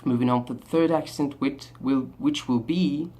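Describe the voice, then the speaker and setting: A man from Morocco vlogging casually and improvising, hesitant with many pauses and ums. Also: medium pitch, mellow.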